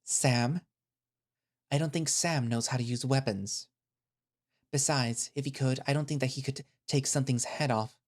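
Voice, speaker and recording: A man's voice: medium pitch, steady tone, normal speed, close to an everyday voice. A man playing an anxious young man who stammers and pleads in a raised voice. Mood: uneasy.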